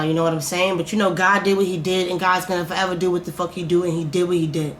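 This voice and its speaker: A young woman vlogger telling a casual storytime, animated and swearing as she acts out her own reactions. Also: lowish voice, quick pace. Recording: echoey room, faint noise.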